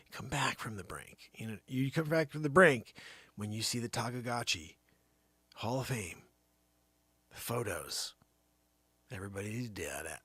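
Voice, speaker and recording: A man hosting his own livestream and riffing an improvised comedy bit, lurching from loud outbursts down to near-whispers. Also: mid-range voice, no echo. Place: home studio.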